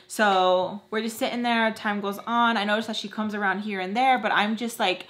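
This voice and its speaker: A young woman chatting through a storytime while doing her makeup, animated and acting out the other people's lines. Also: mid-range voice, fairly quick, few pauses. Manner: chatty, animated, acts out quoted voices. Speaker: beauty vlogger.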